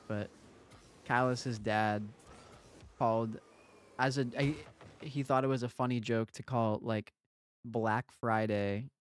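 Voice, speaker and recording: A man's voice: lowish voice, slight background noise. A young man streaming a game who chats casually with viewers, teasing and joking between plays. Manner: joking, teasing, chatty asides to chat while playing.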